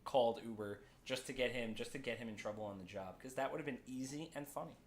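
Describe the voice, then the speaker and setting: A man's voice: mid-range voice, quick pace. A man co-hosts a casual podcast, cutting in with sarcastic, teasing remarks. His delivery is dry and conversational. A faint background noise sits under his voice. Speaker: podcast co-host. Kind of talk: casual chat.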